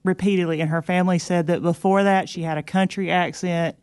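A woman's voice: lowish voice, steady tone, a little fast, darkish tone, clear, resonant tone, dry recording. A woman, a rehab hospital worker, earnestly telling a story on radio.

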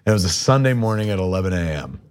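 A middle-aged man with a lowish voice. He rambles through casual anecdotes and acts out other people's lines. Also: rapid-fire. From New Jersey. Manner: rambling, animated anecdotes with quoted dialogue. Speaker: podcast guest, filmmaker. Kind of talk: casual storytelling.

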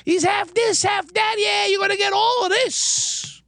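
A man putting on a cocky young braggart, shouting and drawing out his brags. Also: very high voice, steady tone, gravelly, no room sound, pitched above the performer's own voice, full character voice. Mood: boastful. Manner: loud, drawn-out bragging, shouting. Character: brash young male Brooklyn braggart, cocky. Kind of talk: comedic impression.

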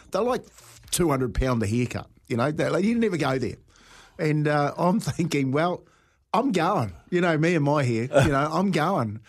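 A man's voice: mid-range voice, breathy edge. A middle-aged man co-hosting breakfast radio, telling rambling, laugh-filled stories and saying "mate" a lot. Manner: rambling storyteller, laughs often, says "mate". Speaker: radio co-host. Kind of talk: casual breakfast radio banter.

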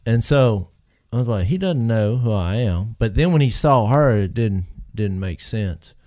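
A man's voice: on the low side, unhurried. A man telling a rambling story in casual chat and acting out the people in it. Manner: animated, rambling, acts out quoted people. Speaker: podcast co-host telling a story.

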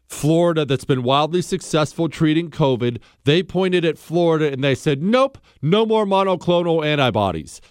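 A man in his forties hosting a radio talk show, telling a story with lively, mock-outraged quotes and then taking calls. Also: medium pitch, no echo, studio quality.

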